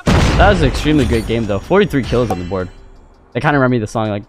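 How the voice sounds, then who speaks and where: A young man giving live commentary over his own gameplay, excitable, jumping between loud outbursts and muttered callouts. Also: medium pitch, very fast. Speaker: gaming YouTuber. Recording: music playing under gunfire.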